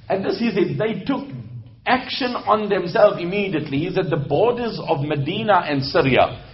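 A male preacher telling stories in a sermon, animated, switching between loud emphasis and hushed narration. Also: high-pitched, unhurried, muffled recording. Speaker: Islamic preacher. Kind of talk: sermon storytelling.

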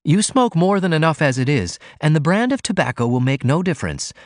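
A man reading an audiobook, voicing a refined young woman who gently scolds in a prim, coaxing manner. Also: on the high side, big pitch swings, a little fast, no room sound, clean studio sound, voice pushed up. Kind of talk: audiobook character voice.

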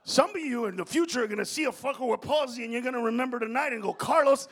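A middle-aged man doing a profane stand-up comedy set on stage before an audience, ranting and often breaking into shouts. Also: very high-pitched, racing, a little hiss or hum.

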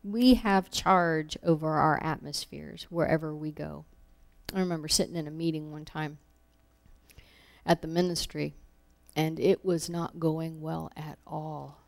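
A woman's voice: low-pitched, fairly even intonation, a little slow, vocal fry. A woman giving an informal sermon, telling personal stories in a conversational way with laughs, acting out her own thoughts. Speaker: preacher.

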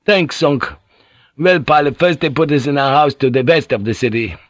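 A man voicing a rough, quarrelsome old sailor in an audiobook, talking coarsely. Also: mid-range voice, normal speed, no echo, voice pushed up, natural voice. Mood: grumbling. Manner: coarse, grumbling.

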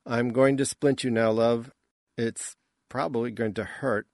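A man playing a blunt, swearing male crewman who talks in gruff commands. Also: medium pitch, steady tone, a little slow, a little mellow, no room sound, clean studio sound, natural voice. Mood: soothing.

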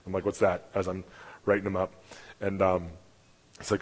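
A man preaching in a relaxed, conversational way, circling back and restarting his sentences as he tells stories. His voice sits low and a little husky. The sound has a long, echoing reverb, as if it were recorded in a large church hall. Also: moderate pace. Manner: rambling, conversational, many restarts and fillers; acts out quoted dialogue in his stories. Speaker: lay preacher. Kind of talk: casual sermon with storytelling.

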